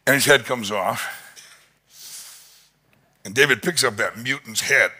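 A male pastor preaching a sermon in an animated storytelling manner, chuckling often as he tells the story. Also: mid-range voice, a little slow, husky.

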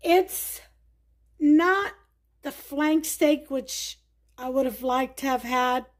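A woman's voice: sits high, slow. A woman with a New York accent hosting a casual cooking demonstration in her home kitchen, chatting and thinking aloud with many fillers. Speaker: home cook host.

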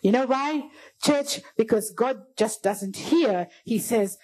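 A woman with a high voice preaches to her congregation in a church. She speaks with fervent urgency and keeps calling them "church" as she urges them on. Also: unhurried, darkish tone, rough recording. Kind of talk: sermon.

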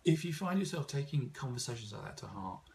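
A man's voice: mid-range voice, very animated, fast talker, darkish tone, slight background noise. A man giving an informal seminar talk, thoughtful, with frequent fillers and restarts. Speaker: seminar speaker.

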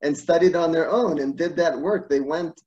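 A man's voice: on the high side, moderate pace. Man teaching over a video call. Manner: animated, laughs at his own stories, searches for words. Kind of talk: storytelling online class. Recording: dull lo-fi video call audio.

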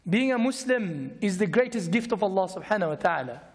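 A man giving a Friday night religious lecture, emphatic and repetitive, slowing to stress key words, recorded in a lecture hall. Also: sits high, animated. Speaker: Islamic lecturer. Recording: long echoing hall reverb.

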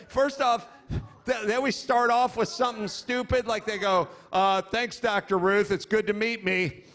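A man's voice: sits high, fairly bright tone. A middle-aged man hosting a live comedy podcast, telling stories in a profane, exasperated rant and mocking people in put-on voices. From United States. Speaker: podcast host. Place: comedy club stage before a live audience.

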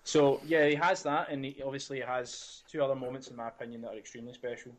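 A man's voice: mid-range voice, flat delivery, fast, crowd noise. Opinionated man, casual swearing. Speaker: podcast co-host. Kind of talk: casual chat.

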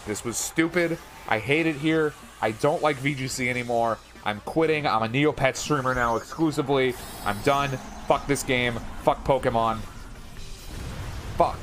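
A young man streaming video games, excitable and profane, who breaks into loud triumphant shouts. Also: mid-range voice, normal speed, music in the background. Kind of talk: live gaming stream.

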